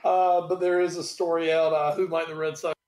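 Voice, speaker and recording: A man co-hosting a sports podcast, talking in animated, rambling casual chat and swearing freely. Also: fairly high pitch, a little fast. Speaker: podcast co-host. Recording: roomy echo.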